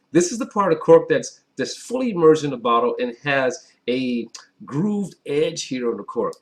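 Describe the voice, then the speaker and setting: A man from Wisconsin hosting a casual wine tasting vlog, chatty and upbeat, talking straight to his viewers. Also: a little high. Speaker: wine reviewer. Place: indoors at a table with a white background.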